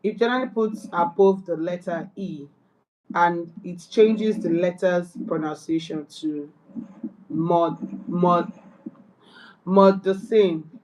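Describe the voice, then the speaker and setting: A woman reading lesson notes aloud at a slow, deliberate pace. She stops to correct herself and apologizes when she gets confused. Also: lowish voice, fairly even intonation, a little mellow, rough recording. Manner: slow, careful, hesitant, apologetic. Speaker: beginner learner, channel host.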